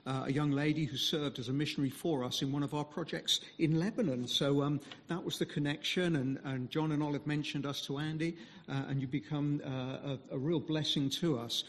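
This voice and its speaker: A man speaking as a visiting mission speaker, giving a conversational sermon full of pauses and fillers. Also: fairly high pitch, fairly even intonation, in a large hall. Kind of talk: sermon talk.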